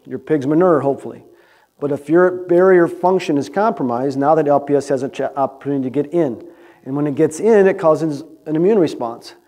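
Male researcher at a podium, slightly high-pitched but warm, chatty lecture style. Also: brisk. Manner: conversational, asks "right?" often. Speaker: animal science researcher presenting. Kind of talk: conference lecture. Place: presentation room with audience.

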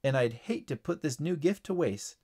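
A man's voice: fairly high pitch, animated, moderate pace, mellow, husky. A man voicing a confident young schoolgirl in a storybook reading, matter-of-fact and sure of herself.

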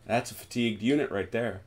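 A man hosting a tabletop wargame session, chatting casually as he plays, counting dice aloud and breaking into excited exclamations. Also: mid-range voice, slight background noise. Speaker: host, tabletop wargame player. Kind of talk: casual play-by-play while gaming. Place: home, at a game table.

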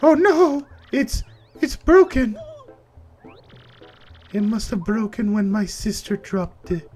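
A man voicing a timid young female shadow girl who frets softly and apologizes. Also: high voice, very animated, slow, faint music behind, exaggerated voice. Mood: distressed. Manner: fretful, soft, apologetic.

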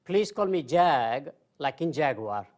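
A man in his sixties gives a marketing lecture in an informal, highly conversational way. He mixes dry self-deprecating jokes into his points and talks to the audience like a friendly teacher. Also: very animated, measured pace, darkish tone. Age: 60s. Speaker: marketing professor.

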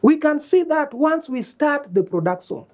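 In a comedy web series, an actor plays a boastful student who bosses his friends around and teases them while scheming to fake a reality-show life. His voice is pitched extremely high, animated, and moving at a moderate pace.

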